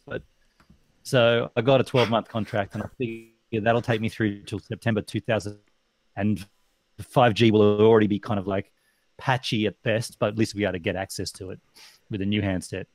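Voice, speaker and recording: Aussie dude chatting on a live stream, dry sound, tells it with gusto. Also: male voice, fairly low pitch, normal speed, dry recording. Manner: animated storyteller, mimics people for effect. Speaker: podcast co-host. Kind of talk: casual live-stream chat.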